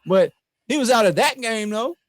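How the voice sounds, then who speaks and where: A man talks over a TV episode with a co-host, pushing back with questions. His pitch is high and swings widely, recorded dry and close. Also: lively intonation, normal speed, no echo. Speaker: podcast co-host. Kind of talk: casual TV recap chat.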